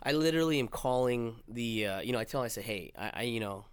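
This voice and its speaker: Young guy hosting a podcast, swears a lot, rattles off his story quick, dry close sound. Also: medium pitch, clear, resonant tone, no echo. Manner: profane, animated storyteller acting out quotes. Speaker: podcast host. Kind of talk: casual storytelling chat.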